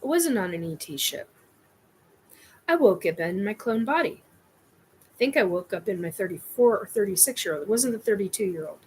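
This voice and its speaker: A woman's voice: medium pitch, animated, normal speed, pauses often, slightly rough. A woman hosting her own show, telling a personal experience in a scattered, rambling way. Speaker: host.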